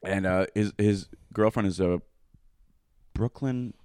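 A man's voice: on the low side, takes it slowly, a little mellow, clear, resonant tone, no room sound, studio quality. A young man telling crude, rambling stories in casual chat, swearing and laughing often.

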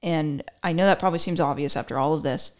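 A woman's voice: deep voice, fast. A young woman hosting a podcast, chatting casually and telling stories with a sarcastic edge. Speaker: podcast host. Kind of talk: casual chat.

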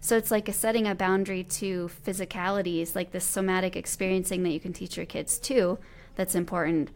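Gravelly-voiced woman podcast host. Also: on the low side, flat delivery, a little fast, darkish tone. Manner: enthusiastic, affirming, chatty. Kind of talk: casual interview chat.

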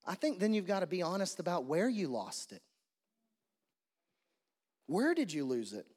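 A man's voice: high voice, wildly swooping pitch, moderate pace, a little mellow, in a large hall. A man preaching a sermon as pastor, conversational and repeating his questions for emphasis. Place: church.

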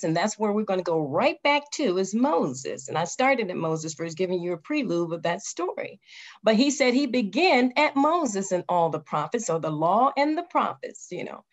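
Woman, Bible class teacher, earnest, self-correcting, repeats herself. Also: fairly high pitch.

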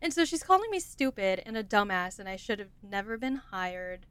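A woman's voice: mid-range voice, fairly quick, smooth, no echo. A young woman co-hosting a podcast, telling a story in casual chat, laughing often and dropping her voice when she quotes people. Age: young adult. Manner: animated storytelling, laughs often, drops to a hush when quoting. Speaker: podcast co-host.

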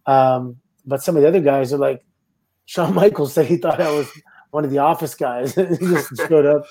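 A middle-aged Canadian man, a former wrestler, telling relaxed anecdotes with laughs as a guest. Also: on the high side, normal speed, a crowd in the background. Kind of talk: casual storytelling.

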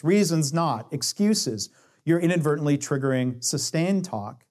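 Slightly high-voiced man giving a talk. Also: a little mellow. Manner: explains with acted-out dialogue quotes, shifting pace. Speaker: speaker on coaching and lean management. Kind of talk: conversational talk with quoted examples.

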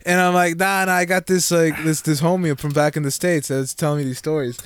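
A man co-hosting a casual chat, quick and slangy, laughing often. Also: a little high, fairly even intonation, clean tone. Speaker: podcast co-host.

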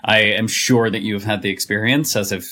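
A man's voice: on the low side, fairly even intonation, brisk, pushed and bright. A man, a guest on a podcast, speaking thoughtfully with many fillers. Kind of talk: podcast interview.

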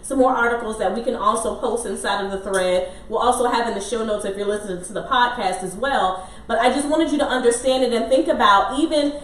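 A woman's voice: a little high, a little fast, hardly any pauses. Woman podcast host in a roomy room. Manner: laughs easily, speaks earnestly to listeners. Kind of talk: casual chat. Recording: roomy sound, mic at a distance.

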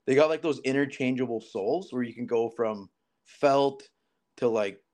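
This podcast guest is a thirtysomething man from southern Alberta, Canada, with a medium-pitched voice and a normal speaking speed. He tells his story in a relaxed, lively way and performs the lines of dialogue himself.

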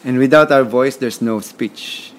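In a conversational podcast interview, a Filipino man with a Filipino accent speaks at a measured pace in a medium-pitched voice. His style is emphatic and motivational, marked by repeated words.

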